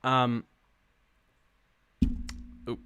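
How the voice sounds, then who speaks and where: A man's voice: drawn-out words, sharp tone, soft background music. A man casually chatting and rambling while streaming a game, giggling often, on a close microphone. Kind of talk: casual gameplay commentary. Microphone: close mic with pop filter.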